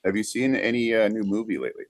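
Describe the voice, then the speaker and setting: Deep gravelly man, slow casual chat. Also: sing-song. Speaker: podcast co-host.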